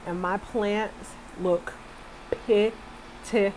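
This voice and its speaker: A woman's voice: mid-range voice, extremely slow, a little hiss or hum. A young adult woman from Brooklyn, chatting casually and animatedly with her live-stream viewers from her bed at home. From Brooklyn, New York, USA. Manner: chatty and animated, talks straight to viewers with Southern "y'all". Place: at home, indoors, on her bed on a rainy day.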